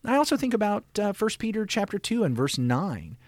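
An American man co-hosting a podcast, explaining Bible passages in an earnest, conversational way that grows animated when he makes a point. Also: high-pitched, a little fast, no echo. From United States. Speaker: podcast co-host, Bible teacher.

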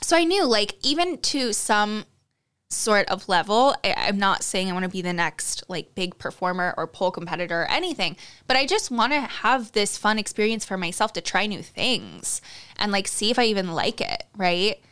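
A woman's voice: mid-range voice, very animated, normal speed, fairly bright tone, smooth. A woman hosting a solo podcast, telling a story in a candid, chatty way. She swears freely, uses lots of "like" fillers, and talks straight to her listeners. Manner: confiding, addresses listeners directly. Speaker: podcast host.

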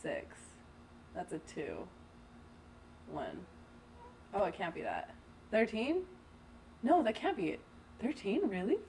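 A woman playing along as a quiz contestant, laughing often and thinking her answers out loud. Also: medium pitch, wildly swooping pitch, slow, long pauses, slight background noise. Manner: giggly, thinks aloud, mutters to herself. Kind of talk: playful quiz game with a friend.

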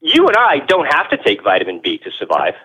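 A man being interviewed as a guest, explaining his views in an animated, emphatic way, often repeating words and asking rhetorical questions. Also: mid-range voice, brisk, husky, rough recording. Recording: radio-show audio.

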